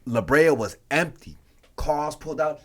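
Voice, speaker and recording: A man's voice: fairly high pitch, unhurried. A man from New York, a podcast guest, telling a story animatedly and acting out the scenes in casual chat. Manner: animated storyteller who acts out scenes and voices.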